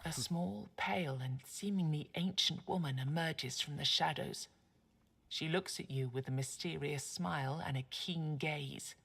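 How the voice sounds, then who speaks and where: A woman narrating a dark fantasy game in a hushed, measured way with a husky, gravelly voice. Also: deep voice, full character voice. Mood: ominous. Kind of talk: scripted narration.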